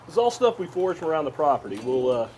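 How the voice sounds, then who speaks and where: A man's voice: fairly high pitch, very animated, very fast, darkish tone, slight background noise. A man, co-hosting a cooking show and joking while he cooks, laughing often and telling stories with animation. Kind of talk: casual banter while cooking.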